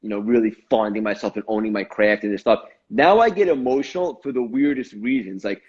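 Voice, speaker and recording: A man's voice: lowish voice, a little fast, a little mellow. A man hosting a podcast interview, effusive and encouraging toward his guest. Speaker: podcast host. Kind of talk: casual interview chat. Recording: slightly dull, lo-fi sound.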